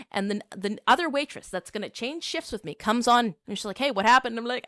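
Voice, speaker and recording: A woman's voice: a little high, brisk, few pauses, no room sound. Young woman streamer, chatty rambly storytelling, dry close sound. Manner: rambling, animated retelling with filler words. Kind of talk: casual storytelling chat.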